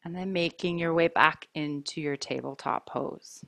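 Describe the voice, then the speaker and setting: A woman teaching a yoga class, giving calm, mindful cues about breath and poses while wearing a mic. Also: low voice, creaky, no room sound, clean studio sound. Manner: calm, slow, mindful cueing. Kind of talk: guided yoga class instruction.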